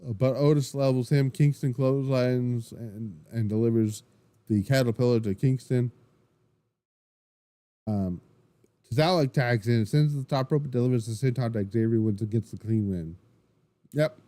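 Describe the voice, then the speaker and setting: A man hosting a wrestling podcast, recapping the show in an excitable, rambling way, full of restarts and swearing. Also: medium pitch, moderate pace, pauses often, no echo. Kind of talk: casual solo recap.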